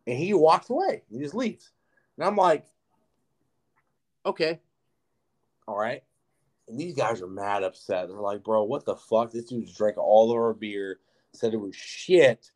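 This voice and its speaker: Animated, swearing young man telling a story. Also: mid-range voice. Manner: animated, profane storytelling with lots of "like". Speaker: podcast co-host. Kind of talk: casual storytelling chat.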